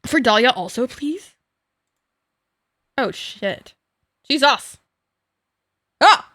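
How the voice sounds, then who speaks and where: A young adult woman streamer chatting casually while gaming, ranting in an animated, profane way. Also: high voice, drawn-out words, no room sound, clean studio sound.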